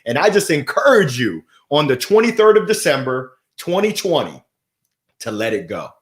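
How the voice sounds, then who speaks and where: A man hosting a motivational livestream, talking with playful energy and giving shout-outs to viewers. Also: on the high side, sing-song, normal speed. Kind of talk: upbeat motivational livestream talk. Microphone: gold microphone.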